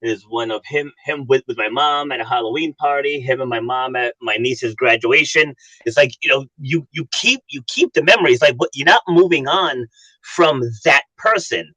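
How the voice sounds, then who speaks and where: A male coach talks as a podcast guest in a bright, forceful voice at a mid pitch. He tells his stories earnestly and acts out the dialogue, recorded dry and close to the mic. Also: moderate pace, no room sound, poor audio. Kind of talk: casual interview chat.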